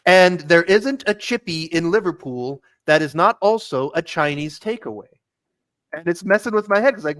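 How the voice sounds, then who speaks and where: A man's voice: mid-range voice, fairly bright tone, no room sound. A man in a casual podcast chat, telling rambling, chatty stories.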